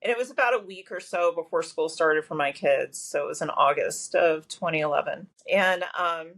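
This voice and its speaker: A woman with a low, slightly bright voice speaks at normal speed as a podcast interview guest. A massage therapist, she tells a personal story talkatively, with lots of fillers and restarts.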